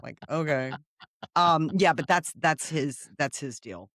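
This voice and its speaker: A woman's voice: sits low, measured pace, a bit bright, no echo, studio quality. A woman co-hosting a podcast in casual chat, teasing and acting out quotes. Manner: teasing, acts out quotes in voices. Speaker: podcast co-host.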